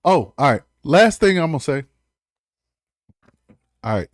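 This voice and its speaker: Animated laughing man quoting movies. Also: fairly high pitch, a little slow, no room sound, clean studio sound. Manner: heavy profanity. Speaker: podcast co-host. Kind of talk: casual chat.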